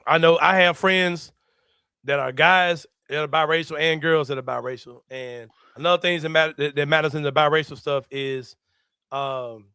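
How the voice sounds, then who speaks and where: A man hosting a casual sports-show chat, a loud, laughing storyteller who swears freely. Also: a little high, smooth, no room sound, clean studio sound. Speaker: podcast host.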